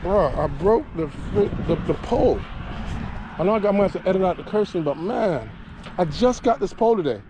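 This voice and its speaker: A man vlogging while bass fishing outdoors, talking casually and excitedly, often repeating himself. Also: brisk, background noise. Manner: excited, drawling, repeats phrases. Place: outdoors on the water.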